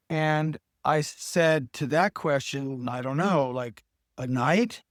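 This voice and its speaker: A man's voice: on the high side, slow, dry recording, clean studio sound. A middle-aged man, a podcast guest, telling his personal story in casual talk, acting out the people he quotes. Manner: earnest storytelling with quoted dialogue.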